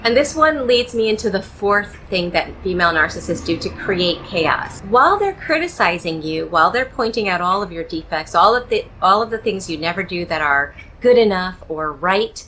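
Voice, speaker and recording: Measured woman coaching on relationships. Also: fairly low pitch, animated, pushed and bright, a little hiss or hum, rough recording. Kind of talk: direct-to-camera advice talk.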